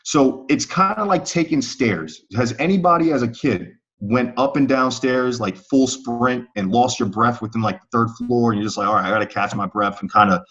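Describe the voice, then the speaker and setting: A man's voice: medium pitch, moderate pace, few pauses, fairly bright tone. Man teaching trading on a muffled call. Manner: conversational, checks in with the audience. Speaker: trading instructor. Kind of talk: live online trading webinar. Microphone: online call audio. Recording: slightly muffled call audio.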